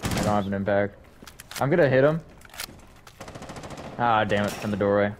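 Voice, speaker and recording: A man with a fairly low voice making excited callouts to his teammate over voice chat, with some swearing. Loud game gunfire keeps going under his voice. He talks into a headset. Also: normal speed, background noise. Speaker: video game player. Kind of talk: team voice chat during play.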